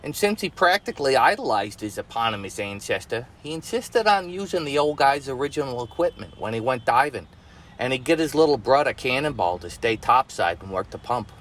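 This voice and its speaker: A man with a Brooklyn accent telling a story to his nephew, folksy, with rough grammar and chuckling asides. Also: mid-range voice, expressive, fairly quick, a bit bright, a little hiss or hum. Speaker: storyteller uncle. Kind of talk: bedtime-style storytelling.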